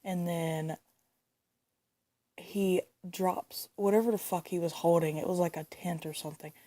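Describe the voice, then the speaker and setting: A woman's voice: lowish voice, steady tone, unhurried, dark tone. A young woman ranting indignantly into her phone, swearing and repeating herself as she talks. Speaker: vlogger. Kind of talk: angry casual rant.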